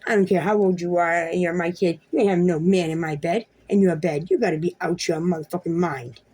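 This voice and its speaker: A woman's voice: lowish voice, fairly even intonation, fairly quick, dark tone, breathy edge. A woman vlogger and mother ranting to the camera at home, heated and profane, confronting someone directly. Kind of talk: ranting video monologue.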